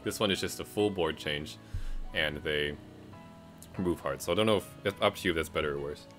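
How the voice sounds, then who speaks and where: A man's voice: a bass voice, brisk, fairly bright tone, faint music behind. A man casually reviewing game updates in a rambling way, with lots of fillers and self-corrections. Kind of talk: casual commentary. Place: home, music playing behind.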